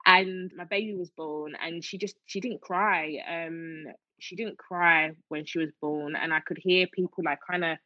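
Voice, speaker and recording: Woman, low voice, emotional storytelling, dull dry recording. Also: fairly even intonation, unhurried, hardly any pauses, no echo. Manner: emotional, many fillers and restarts. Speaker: guest. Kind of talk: personal storytelling in an interview.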